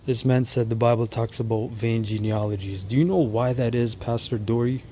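With a warm, mid-range voice, a man offers reaction commentary on street preaching footage, faltering and restarting as he explains, then reading scripture slowly and with care. There's slight background noise, and the recording is rough.

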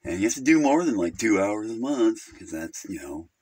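A man's voice: lowish voice, sing-song, fairly quick, darkish tone, slightly rough. A man playing a naive, rambling caller named Virgil who keeps drifting off topic on a phone call. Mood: earnest. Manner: rambling, easily sidetracked, crude. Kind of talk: comedic character phone call.

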